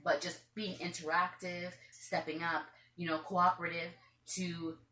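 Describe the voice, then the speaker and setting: Woman, low voice, roomy home room, chatty rambling vlog storytelling. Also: flat delivery, a little slow, bright, forceful tone. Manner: chatty, rambling, acts out what others said. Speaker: parrot owner and vlogger. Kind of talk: casual storytelling to camera. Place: room at home with pet birds.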